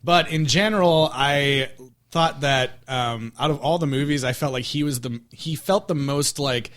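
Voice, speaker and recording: A man co-hosting a film podcast, speaking in a fairly high, bright voice. He chats loosely, laughs often and lets thoughts trail off as he works out what he means. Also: normal speed. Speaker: podcast host. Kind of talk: casual movie discussion.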